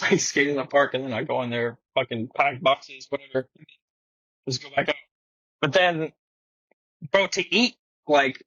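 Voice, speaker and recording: A young skateboarder guest, his voice slightly high and husky, rattles off a casual story packed with street slang and frequent swearing, animatedly imitating other people as he quotes them. The sound is dull and close like a muffled studio mic, with no room sound or echo.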